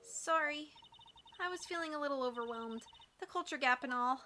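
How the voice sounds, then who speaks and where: A woman's voice: sits high, normal speed, sharp tone, soft background music. A woman voicing a perky young woman sidekick in a video game, with a chirpy, playful way of talking. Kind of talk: video game voice-over reading.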